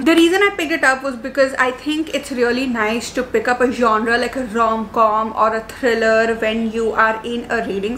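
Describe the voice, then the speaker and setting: A woman's voice: fairly high pitch, fairly bright tone, slight background noise. A woman in her twenties chatting about books in a casual vlog, gushing and emotional, often repeating words for emphasis. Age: 20s. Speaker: book vlogger. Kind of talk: casual book vlog chat. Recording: echoey room with faint ambience.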